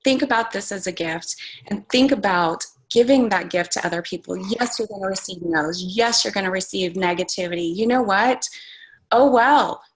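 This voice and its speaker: A woman's voice: medium pitch, normal speed, poor audio. A woman coaching a group on a call, talking casually and earnestly, full of "like" and "you guys". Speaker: fitness coach sharing takeaways on a group call. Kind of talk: casual motivational talk. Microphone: conference call.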